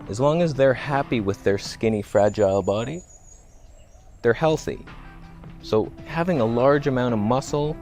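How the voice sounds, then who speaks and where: Walking by a road outdoors, a vlogger with a medium-pitched, slightly mellow voice talks to camera about health. The tone is casual and joking, with self-mocking asides.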